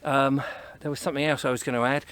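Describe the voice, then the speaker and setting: A man from England chatting to his camera on a cold walk along misty country footpaths outdoors. He is a little out of breath from walking and rambles easily from thought to thought in a mid-pitched voice. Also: little pitch movement, quick pace, a bit bright, smooth. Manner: chatty, rambling, thinks aloud while walking. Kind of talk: casual walking commentary to camera. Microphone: camera on a tripod, set up and carried along.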